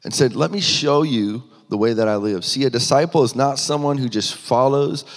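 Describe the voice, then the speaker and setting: Male preacher, earnest and emphatic, mid-pitched, long hall reverb. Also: normal speed. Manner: earnest, rising with emphasis, frequent restarts. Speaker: pastor. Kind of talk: sermon.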